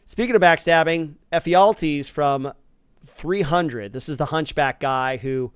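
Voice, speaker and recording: A man co-hosting a casual podcast, enthusiastic and quick to laugh, speaking into a close mic. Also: a little high, clear, resonant tone, no echo. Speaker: co-host.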